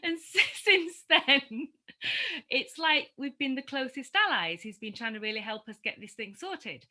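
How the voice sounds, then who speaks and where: Middle-aged woman, chatty storyteller, bright voice, laughs a lot. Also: high voice, unhurried. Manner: animated, laughs often while telling stories. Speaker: community discussion participant. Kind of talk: reflective storytelling in group chat.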